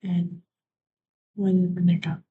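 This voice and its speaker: A woman live streamer rambling through a story in a soft, half-whispered way, often trailing off. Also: on the low side, level tone, takes it slowly, narrow, tinny audio, a little hiss or hum.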